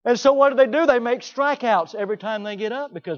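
A man preaching a sermon in an animated way, often mimicking the people he talks about. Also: very high-pitched, fast, dull audio. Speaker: pastor.

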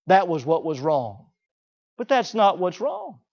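Emphatic high-voiced preacher, lo-fi. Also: male voice, big pitch swings, unhurried. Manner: emphatic, repeats key phrases, swings between loud and hushed. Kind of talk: sermon. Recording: dull lo-fi recording.

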